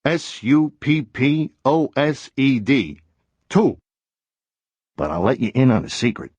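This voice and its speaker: A man's voice: medium pitch, very animated, slow pace, darkish tone, slightly rough, dry recording, full character voice. A man voicing a chatty cartoon word character who is weary of life's duties and talks in a confiding, sighing way in an educational cartoon.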